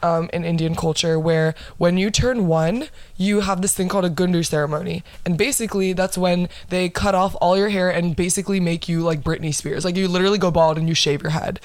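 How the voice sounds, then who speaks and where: A woman's voice: fairly low pitch, fairly quick, few pauses, no echo. Young woman chatting, dry close sound. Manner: animated, laughing, swears freely. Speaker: podcast host. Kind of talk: casual podcast chat.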